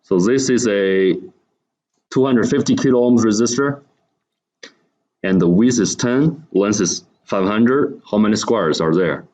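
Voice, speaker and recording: Low-voiced man lecturing to a class. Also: a little slow, darkish tone, rough recording. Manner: explaining step by step, asking the class questions. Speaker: university lecturer.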